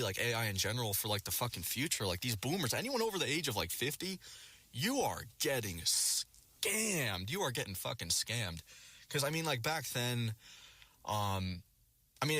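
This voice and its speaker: With a low-ish, bright, forceful voice, a young man vlogs a casual rant to his viewers. The recording has no room sound, and he rambles along, cursing heavily and leaning on filler words.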